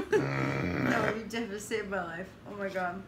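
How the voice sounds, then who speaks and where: A woman's voice: mid-range voice, wildly swooping pitch, normal speed, vocal fry, reverberant, heavy background noise. A woman co-hosting a livestream, giggling between words as she chats casually at a table indoors. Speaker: co-host on a livestream. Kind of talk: casual on-stream banter.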